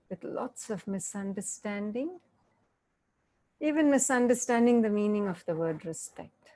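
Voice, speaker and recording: A woman giving a reflective interactive talk, speaking gently and often checking in with her listeners. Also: mid-range voice. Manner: slow, gentle, checks in with "yeah?".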